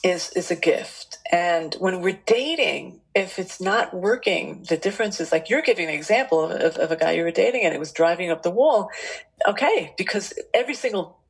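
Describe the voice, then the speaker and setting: Woman, relationship expert guest, husky and a touch low, rambles through anecdotes in an animated way. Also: normal speed, low-quality recording. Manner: animated, rambling with many restarts. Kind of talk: storytelling interview answers.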